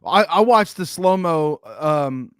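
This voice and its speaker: A man's voice: on the high side, slow, clean tone, no room sound, clean studio sound. A man with a Philadelphia accent co-hosting a sports podcast, talking emphatically and swearing a lot in casual chat over a remote call. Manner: animated, profane, emphatic. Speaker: podcast co-host.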